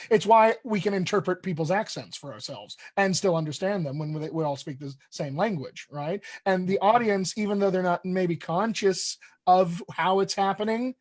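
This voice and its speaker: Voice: medium pitch, darkish tone. A dialect coach on a live panel, speaking thoughtfully with some hesitant restarts.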